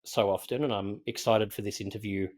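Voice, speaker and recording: A man's voice: lowish voice, a little fast. A man in his thirties with an Australian accent, hosting a podcast and chatting casually with a guest. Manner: relaxed, chatty, says "mate". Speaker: podcast host. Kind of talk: casual interview chat with scripted intro.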